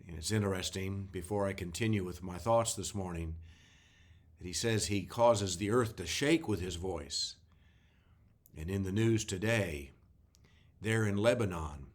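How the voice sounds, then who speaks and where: A man, a pastor giving a devotional talk and reading scripture slowly and deliberately, stressing key words. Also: low voice, husky. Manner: slow, deliberate reading with emphasis.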